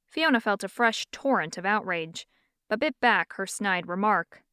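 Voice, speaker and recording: A woman reading an audiobook as narrator in an even, smooth storytelling manner. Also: mid-range voice, a little slow, dry recording, clean studio sound. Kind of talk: scripted narration.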